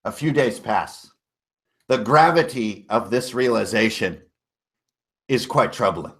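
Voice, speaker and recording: A man's voice: lowish voice, lively intonation, slow pace, fairly bright tone. A man narrating a tabletop game recap as game master, casual and storytelling, with self-corrections and mild swearing.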